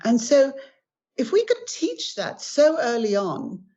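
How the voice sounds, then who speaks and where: A woman's voice: on the high side, sing-song, slow, mellow. An older woman, a guest author, earnestly teaching about spiritual acceptance and telling stories in conversation. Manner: earnest, storytelling with acted quotes. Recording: dull lo-fi recording.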